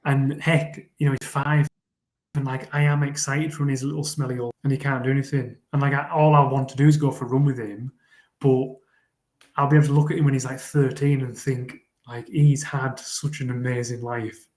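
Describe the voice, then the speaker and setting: A man gives a casual interview, speaking in an earnest, rambling way and often doubling his words as he gathers his thoughts. His voice sits at an ordinary pitch for a man. A roomy echo hangs around the recording. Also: flat delivery, brisk, darkish tone. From England. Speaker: guest, fell runner.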